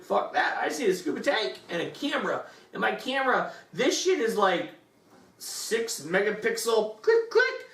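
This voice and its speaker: Crude rambling reviewer, echoey room, distant mic. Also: mid-range voice. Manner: rambling, crude, animated storytelling. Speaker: movie reviewer. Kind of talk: comedic movie review chat.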